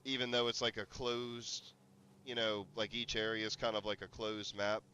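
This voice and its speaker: A man's voice: on the low side, level tone, normal speed, sharp tone, highs cut off, a little hiss or hum. A man streaming a game, chatting casually and rambling, breaking into laughter and startled yelps. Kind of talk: casual gameplay commentary.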